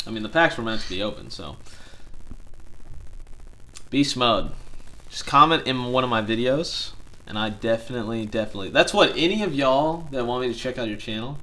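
A young man casually chatting on a live stream from home, chatty and excitable. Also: medium pitch, a little hiss or hum. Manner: chatty and excitable, laughs easily. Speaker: card-collecting streamer. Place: home room.

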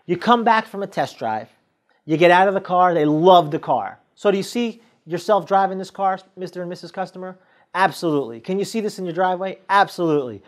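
A man's voice: high voice, expressive, fairly quick. Emphatic male sales coach. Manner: acts out sales scenes with quoted dialogue; emphatic, coaching directly to the listener. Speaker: sales trainer. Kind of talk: motivational sales training talk.

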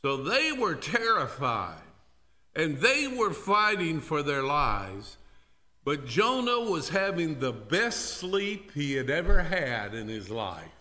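A male pastor preaches in a church service, delivering the story slowly and deliberately. His voice is bright and ringing, sitting a little higher than most men's. He tells the story dramatically and turns to address the congregation directly. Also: big pitch swings. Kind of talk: sermon. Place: church sanctuary during a worship service.

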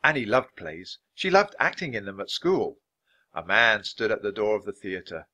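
A man reading a children's chapter book aloud at a natural pace for language learners, expressive and clear. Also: lowish voice, normal speed. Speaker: storybook reader.

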